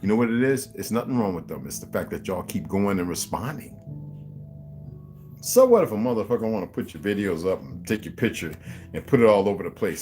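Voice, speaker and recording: A man hosting a casual stream from home, talking straight to his viewers in a loose, profane, animated way before reading a book aloud. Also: medium pitch. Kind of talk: casual livestream chat. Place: home room.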